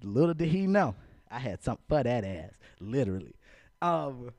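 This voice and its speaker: A man's voice: mid-range voice, very animated, moderate pace, a little mellow. A man, telling a candid story with a laugh on a casual podcast. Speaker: podcast co-host.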